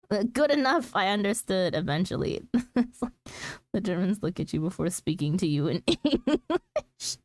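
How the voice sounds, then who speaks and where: A woman streamer reads her chat and talks casually with viewers in a very animated, mid-range voice at normal speed, with no echo. She laughs often and fills her speech with lots of "like."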